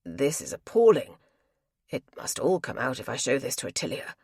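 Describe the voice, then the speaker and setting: A woman's voice: rumbling low, sing-song, normal speed, a little mellow, slightly rough, no room sound, studio quality, pitched below the performer's own voice, full character voice. A woman voicing an earnest, emphatic middle-aged male country doctor.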